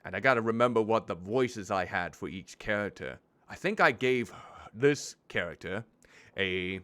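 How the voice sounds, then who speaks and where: A man streaming a game, chatting in an expressive, self-deprecating way. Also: fairly low pitch, a little slow, clear, resonant tone. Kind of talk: gameplay commentary.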